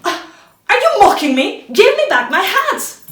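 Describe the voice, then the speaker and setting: A woman voicing a distraught male hat seller who shouts and pleads. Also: extremely high pitch, sing-song, a little fast, pitched above the performer's own voice, heavily acted. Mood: angry. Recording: echoey room, distant mic.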